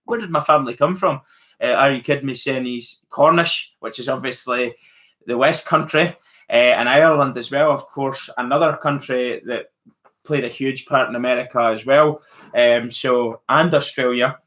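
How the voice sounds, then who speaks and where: A man from Scotland, speaking in a mid-range, slightly bright voice at a moderate pace, hosts a casual live-stream. Answering chat, he muses aloud with lots of fillers and restarts in his Scottish accent.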